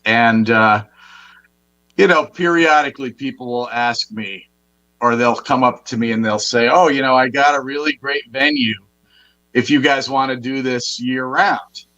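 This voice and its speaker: Bright-voiced man chatting easily. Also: mid-range voice, measured pace, no room sound, highs cut off. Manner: easygoing, backchannels a lot. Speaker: jam session organizer. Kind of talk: casual chat.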